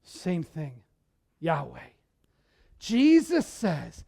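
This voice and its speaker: A male pastor preaching a sermon in a church, talking in a conversational, animated way and often repeating words as he goes. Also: high voice, measured pace.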